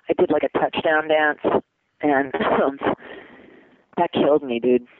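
A man, a voice actor being interviewed, chatting casually, excitable and laughing often, calling people "dude". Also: a little high, unhurried, pauses often. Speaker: voice actor guest. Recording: tinny phone line.

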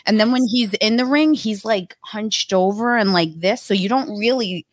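A woman's voice: medium pitch, normal speed, no room sound. A woman co-hosting a podcast, chatting and telling stories with laughter. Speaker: podcast co-host. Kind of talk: casual chat.

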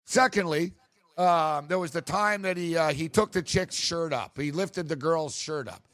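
A man co-hosting a sports talk show in a slightly higher voice, ranting with quick asides. The sound is close and dry, with no room around it. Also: a bit bright, no room sound. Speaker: sports podcast co-host.

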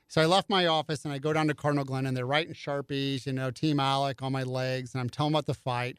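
A man's voice: mid-range voice, fairly even intonation, fast talker, hardly any pauses, smooth, no echo, studio quality. A middle-aged man telling a story in a casual chat, and he acts out other people's lines in raised voices. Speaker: podcast guest.

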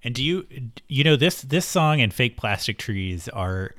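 A man's voice: mid-range voice, sing-song, unhurried, fairly bright tone. A man co-hosting a podcast, talking casually about music with frequent ums and restarts. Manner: hesitant, many ums and restarts. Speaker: podcast co-host. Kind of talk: casual chat.

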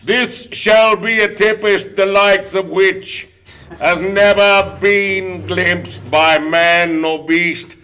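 A man voicing a grandiose newsreader who proclaims doom in slow, booming, biblical tones. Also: fairly even intonation, bright, forceful tone, smooth, exaggerated voice. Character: doom-laden male newsreader, grandiose and apocalyptic.

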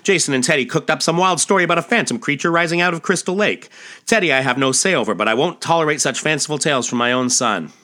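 Man playing a stern middle-aged pharmacist, scolding, quick, raised voice. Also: a little high, pushed and bright, voice pushed up.

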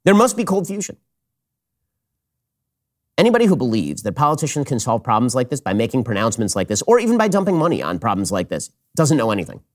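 A man hosting a political commentary show, talking in a sarcastic, mocking, rapid-fire way. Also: mid-range voice, big pitch swings. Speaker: host.

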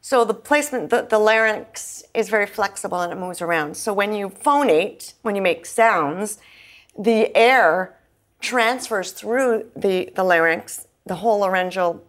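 A woman's voice: mid-range voice, unhurried. Woman candidly recounting her singing struggles. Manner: earnest, explains at length with fillers and restarts. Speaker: interview guest, singer-songwriter. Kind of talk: candid conversational interview.

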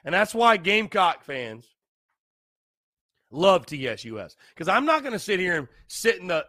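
A man's voice: high-pitched, animated, slow, long pauses, sharp tone, no echo, clean studio sound. A young man hosting a casual solo podcast, tipsy, rambling and repeating himself. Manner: rambling, repetitive, loose and tipsy. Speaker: podcast host.

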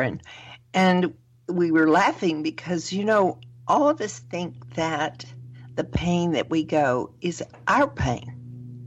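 A woman with a notably low voice speaks as a coach on a radio talk show. She encourages the host and keeps backing her up with short affirmations. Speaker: divorce recovery coach, radio guest. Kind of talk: radio interview.

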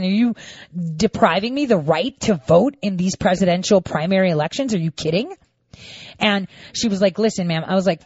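A woman in casual monologue, talking straight to her viewers, jumping between voices as she acts out each side of the conversation. Her delivery is indignant and animated. The recording is dry and a little dull, with no room sound. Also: mid-range voice, a little fast, dry recording. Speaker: storyteller recounting a voting dispute.

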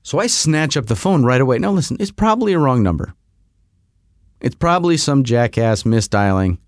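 A man in his fifties hosting a podcast, telling an exasperated comic story in a lively, animated way. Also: mid-range voice, no echo, clean studio sound. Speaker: podcast host. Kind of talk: comic monologue.

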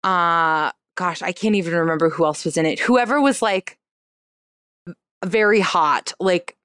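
A woman's voice: unhurried, a bit bright, smooth, dry recording, studio quality. A woman in her thirties, a comedian and cabaret performer, talking casually as an interview guest, full of "like" and acted-out quotes. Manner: chatty, many "like" fillers, acts out quotes in a higher voice.

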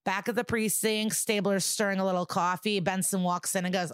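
A woman's voice: mid-range voice, fairly even intonation, brisk, few pauses, clear, resonant tone, dry recording, clean studio sound. A woman co-hosting a podcast, recapping a TV episode in a breezy, jokey, profane way. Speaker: podcast co-host. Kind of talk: casual comedic episode recap.

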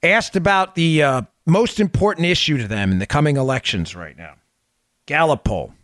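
High-voiced man delivering political commentary. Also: huge pitch swings, brisk, a bit bright, no room sound, clean studio sound. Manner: emphatic, sarcastic, repeats phrases for effect. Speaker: podcast host.

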